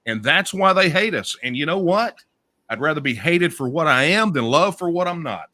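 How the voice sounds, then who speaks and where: A Texan man appears as a guest in a political interview, campaigning for secession. His voice is a little high, sharp, and expressive at normal speed, and he makes emphatic, speech-like points, often ending them with "right?".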